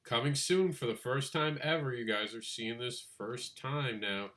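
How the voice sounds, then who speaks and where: A man co-hosts a casual podcast chat about comic book crowdfunding. He is animated and quick to laugh, and he mimics others in a high voice.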